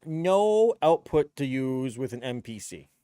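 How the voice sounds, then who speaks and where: A man's voice: mid-range voice, very animated, a little slow, warm tone, smooth, dry recording, clean studio sound. A man, a DJ chatting on his live stream in a blunt, rambling, profane way. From Canada. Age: 50s. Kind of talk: casual live-stream chat.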